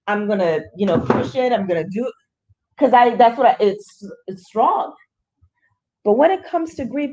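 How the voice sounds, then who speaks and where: A woman's voice: fairly high pitch, darkish tone, muffled recording. A woman leading a grief support small group, talking earnestly with everyday analogies.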